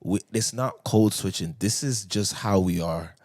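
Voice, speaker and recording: A man's voice: lowish voice, measured pace, a little mellow. A man with a Toronto accent, co-hosting a podcast, talking emphatically and repeating phrases for effect. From Toronto, Canada. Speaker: podcast co-host. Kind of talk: casual chat.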